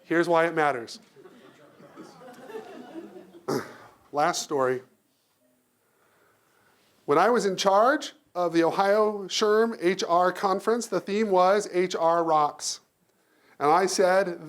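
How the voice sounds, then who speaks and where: A man giving a lively keynote speech to an audience, telling stories, acting out voices and laughing often. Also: high voice, slow pace, pauses often. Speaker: keynote speaker. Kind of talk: live storytelling speech.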